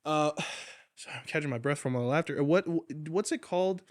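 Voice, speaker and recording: A man's voice: fairly high pitch, a little fast. Jokey young man, podcast co-host. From Texas, USA. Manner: jokey, laughs often. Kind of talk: casual chat.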